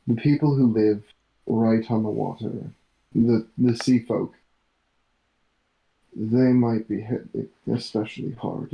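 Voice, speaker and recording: A man's voice: medium pitch, vocal fry, breathy edge, dull audio. Earnest man speaking in character at a game table. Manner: measured, earnest explanation. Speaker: player.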